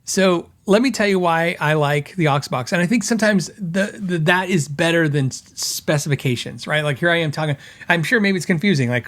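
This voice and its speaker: A man's voice: a little high, fairly quick. A middle-aged man hosting a podcast, telling stories in a casual way and mimicking critics with a raised voice. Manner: animated storytelling, mocking quoted critics in a raised voice. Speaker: host.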